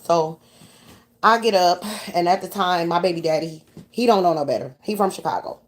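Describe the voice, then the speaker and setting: A woman from New York with a New York accent, telling a profane story to her audience in a casual, animated way. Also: lowish voice, normal speed.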